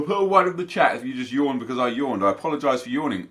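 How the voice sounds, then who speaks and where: A man's voice: mid-range voice, very animated, fast talker, fairly bright tone. A young man giving casual, chatty commentary over his own football video game matches for viewers. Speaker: gaming YouTuber.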